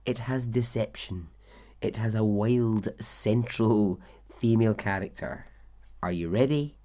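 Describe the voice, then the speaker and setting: Slow-talking male podcast host. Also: fairly low pitch. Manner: chatty, laughs easily, warmly informal asides. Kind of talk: casual podcast narration.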